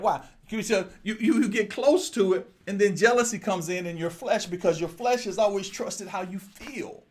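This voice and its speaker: Animated preacher, swinging from soft to loud. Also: male voice, normal speed, breathy edge. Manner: animated, swings between low murmurs and loud exclamations; addresses the congregation directly, repeating phrases. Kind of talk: sermon.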